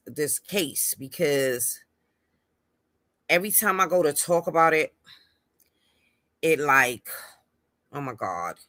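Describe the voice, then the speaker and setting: A woman hosts a casual live-stream chat in a low-set voice with a forceful, bright edge. She calls out her viewers by name and hammers home her opinions by repeating words. Her voice sounds dry and close. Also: no echo. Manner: greets viewers warmly by name; emphatic, repeats words for stress. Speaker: livestream host.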